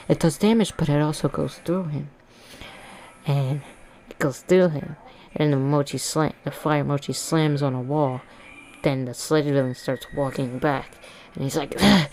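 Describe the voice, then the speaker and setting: A woman with a deep, low voice retells a fan-made story casually, rambling and joking. She keeps correcting herself as she goes, in a loose, offhand delivery. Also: darkish tone. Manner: rambling, jokey, self-correcting.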